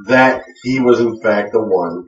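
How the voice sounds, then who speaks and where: A man's voice: lowish voice, measured pace, noisy background. A man co-hosting a web wrestling show, chatting casually with lots of fillers and restarts. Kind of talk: casual chat with hesitant fillers. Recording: echoey room, distant lo-fi mic.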